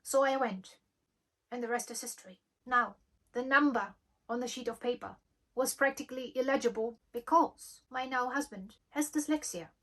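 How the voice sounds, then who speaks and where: A young woman, hosting a storytime vlog and telling an anecdote in a lively way, acting out the dialogue. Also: fairly high pitch, normal speed. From Germany. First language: German. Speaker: channel host.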